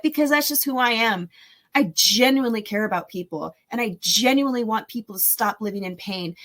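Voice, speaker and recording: On her own casual podcast, this host and speaker in her forties sounds fairly bright in a mid-range voice. Her talk wanders with fillers but stays upbeat and encouraging.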